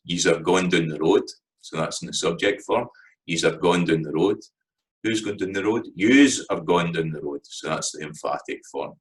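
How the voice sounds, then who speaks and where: A man with a Scottish accent giving a casual spoken lesson, relaxed and hesitant, with many fillers and restarts. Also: rumbling low, rough recording. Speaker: language teacher.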